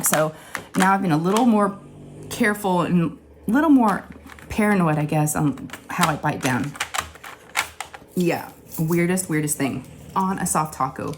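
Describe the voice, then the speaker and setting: This is a middle-aged woman with a somewhat low-pitched voice, telling a personal story in a casual, rambling way. She talks straight to her viewers, stays animated, and puts on what the others said as she goes. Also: measured pace, long pauses, noisy background. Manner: chatty, animated retelling with acted-out quotes and laughs. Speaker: crafting channel host.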